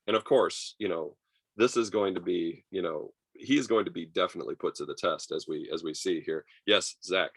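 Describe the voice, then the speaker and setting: A low-pitched man lectures a class over a video call, talking loosely with plenty of fillers and jumping into higher voices to act out quotes. The sound is dry and close, with no room around it. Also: moderate pace, husky, no room sound. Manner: lively, acts out quotes in raised voices, many fillers. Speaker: history teacher.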